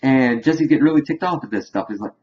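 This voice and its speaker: A man giving a casual, rambling spoiler recap of a TV episode, animated and chuckling as he retells scenes. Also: medium pitch, quick pace, dull audio. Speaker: TV episode reviewer.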